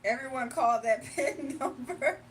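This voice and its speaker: A woman's voice: sits high, unhurried, distant mic, slight background noise. A woman hosting a livestream in casual chat, mocking and blunt, laughing often. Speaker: livestream host.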